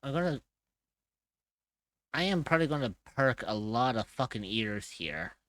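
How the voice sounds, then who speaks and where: Male streamer, casual and sweary, quick to laugh; plain mid voice, dry close mic. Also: medium pitch, sing-song, fairly bright tone, no room sound. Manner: laughs often, swears casually, hums while working. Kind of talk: casual chat while drawing on stream.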